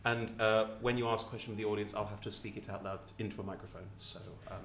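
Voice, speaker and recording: A man's voice: lowish voice, fairly even intonation, fast talker, roomy sound, background noise. A British man, the dungeon master, hosting a loose, chatty live question-and-answer session on stage in a small theatre. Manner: chatty, loose, laughing often.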